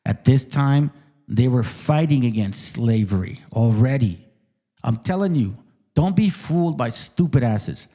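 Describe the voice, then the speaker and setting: With a medium-pitched, expressive voice, a dark tone and a measured pace, a man hosting his own channel delivers a heated, casual rant to his viewers. He's combative, mocking and profane, and he doubles up words for emphasis.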